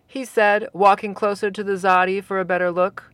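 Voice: mid-range voice, normal speed, fairly bright tone, smooth, no room sound, studio quality. A storyteller narrating a tale casually, with wry, teasing asides to the listener.

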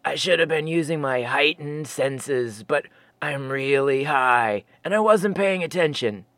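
A narrator doing a low, laid-back Sasquatch stoner. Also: a little slow, no echo. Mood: mellow. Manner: sheepish, relaxed drawl.

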